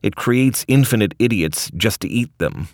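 A man's voice: fairly low pitch, animated, moderate pace, no room sound, clean studio sound, pitched above the performer's own voice, lightly acted. A man voicing a cranky, sardonic old male mad scientist who rants and sneers, quoted in a read essay. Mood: lecturing. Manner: ranting, sneering.

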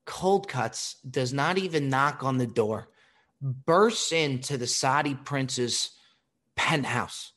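A man hosting a podcast, telling anecdotes in a lively, profane way and acting out the people in them. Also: mid-range voice, takes it slowly. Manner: animated, profane, acts out quotes. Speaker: podcast host. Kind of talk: casual storytelling.

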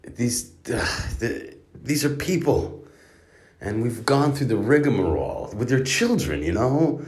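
A man's voice: medium pitch, animated, a little slow, a little mellow. Exasperated man ranting through a comic story. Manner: exasperated ranting, heavy swearing. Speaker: comedic storyteller.

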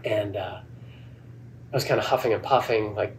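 A man, a golf club head pro, telling a lively story in a podcast interview and acting out the dialogue. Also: fairly low pitch, moderate pace. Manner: animated, acts out quoted dialogue. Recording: distant mic with faint background noise.

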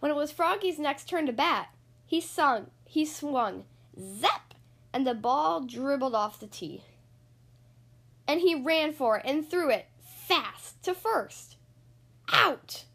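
A woman hosting a podcast, reading a children's picture book aloud in an expressive, sing-song storytelling voice. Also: high voice, slow pace.

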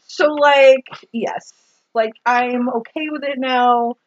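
With a high-pitched voice at a slow pace, this podcast co-host animatedly runs through a movie, cursing freely and performing lines in over-the-top voices. The lo-fi recording sounds dull.

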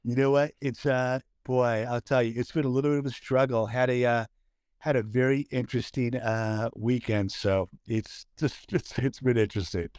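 A man's voice: medium pitch, steady tone, normal speed, a little mellow, clear, resonant tone, no room sound, studio quality. A man from Southern California co-hosting a casual podcast, telling a story with many fillers and restarts. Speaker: podcast co-host. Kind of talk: casual chat.

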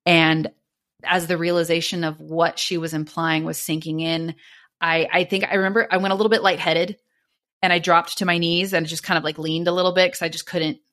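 Low-voiced woman telling her story. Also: a little fast. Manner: animated retelling, acting out dialogue. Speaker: podcast guest. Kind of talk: personal storytelling.

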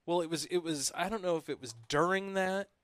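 A chatty man who often laughs while he tells a story, co-hosting a podcast. His voice sits a little above average pitch. The mic is close and dry. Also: brisk, fairly bright tone, dry recording. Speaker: podcast co-host. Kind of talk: casual banter.

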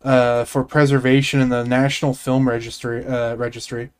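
A man co-hosting a podcast in casual chat, with a dry, sarcastic, deadpan manner. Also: mid-range voice, moderate pace, clean tone. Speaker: podcast co-host.

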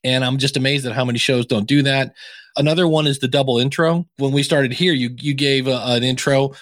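A man's voice: brisk, dry recording, studio quality. A man from Ohio, chatting as a guest in a casual interview and acting out quoted voices as he talks. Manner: animated, acts out quoted voices with big pitch jumps. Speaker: podcast consultant guest.

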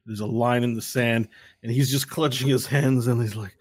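A man narrating as game master of a tabletop game, animated and often laughing as he describes events. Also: mid-range voice, moderate pace, breathy edge.

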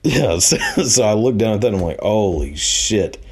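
A man's voice: on the low side, lively intonation, fast talker, a little mellow. A man telling a personal anecdote in a rambling, casual way, full of fillers and laughing at himself. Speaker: storyteller.

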